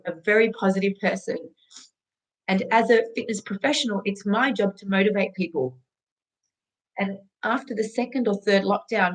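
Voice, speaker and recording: A woman's voice: mid-range voice, rough recording. A woman with an Australian accent, a fitness instructor speaking earnestly and emotionally in a candid personal vlog. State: tearful, emotional.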